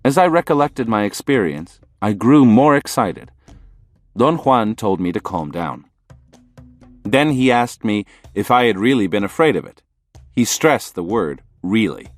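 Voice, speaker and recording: A male narrator tells the story in measured audiobook style, his low voice rising and falling with lively inflection. The sound is dry and close to the mic, with faint music behind. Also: no echo.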